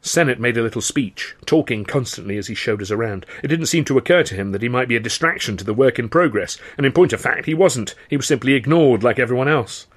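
A middle-aged man reading his own novel aloud in dry, measured first-person narration. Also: mid-range voice, lively intonation. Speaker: author and audiobook reader.

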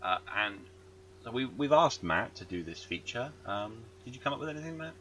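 A man's voice: medium pitch, lively intonation, brisk, a bit bright, slight background noise, rough recording. A man hosting a podcast in casual chat, rambling with lots of ums and jokey asides. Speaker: podcast host.

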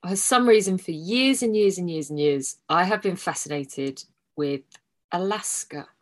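A woman co-hosting a casual podcast, telling stories with frank, animated energy. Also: on the low side, a little slow. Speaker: podcast co-host. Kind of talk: casual chat.

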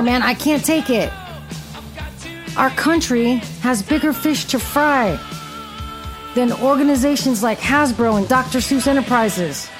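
A middle-aged woman hosting a podcast, telling a story in a blunt, sarcastic, profane rant. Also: high voice. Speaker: podcast host.

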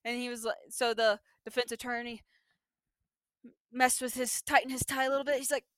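A young adult woman hosting a podcast, recapping a TV episode in casual chat and acting out the characters with lively energy. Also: on the high side, dry recording. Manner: animated, acts out characters' lines in quick bursts. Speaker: podcast host.

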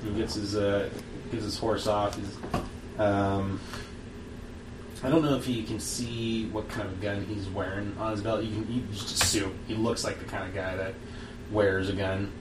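A man narrating a western tabletop game as game master, halting with fillers and restarts. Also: lowish voice, fairly even intonation. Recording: distant mic in an echoey room with background noise.

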